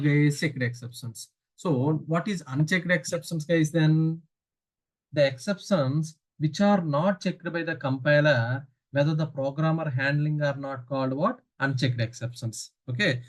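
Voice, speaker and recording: Indian English man, programming teacher, video call, fairly high voice, asks and answers his own questions. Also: a little slow. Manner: drills students with repeated questions, answers them himself. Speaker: programming instructor. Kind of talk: live online coding class.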